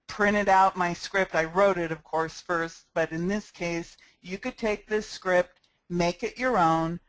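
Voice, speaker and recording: A woman's voice: fairly low pitch, no echo, rough recording. A woman giving a step-by-step screencast tutorial into a cheap headset microphone, friendly and practical, talking with a smile. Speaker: sales marketing instructor.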